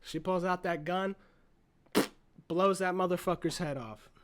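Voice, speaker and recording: Young guy, fairly high voice, swears nonstop, rambling and fired-up vlog reviewer. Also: measured pace, clear, resonant tone. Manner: excitable, profane, rambling retelling. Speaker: movie reviewer. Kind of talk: casual movie review vlog.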